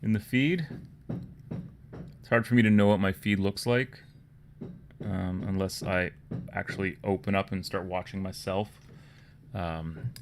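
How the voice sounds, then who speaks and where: A man from Canada with a Toronto accent, hosting a casual livestream, rambling and low-key and often trailing off into quiet murmurs. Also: steady tone, a little slow, pauses often, noisy background. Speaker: livestream host. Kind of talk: casual livestream chat while painting miniatures.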